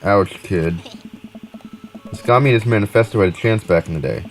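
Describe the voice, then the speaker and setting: A man's voice: on the low side, rapid-fire, soft background music, close to an everyday voice, rough recording. A man voicing a goofy middle-aged single dad in a dating game, reading his lines with teasing dad jokes. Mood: playful. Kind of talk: game dialogue read aloud.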